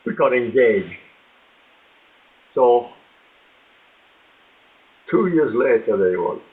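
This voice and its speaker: An older Irish man, a guest author, telling rambling anecdotes and acting out the people in them. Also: medium pitch. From Ireland. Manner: rambling anecdotal storyteller, acts out voices. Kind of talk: storytelling interview. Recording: tinny phone-like line.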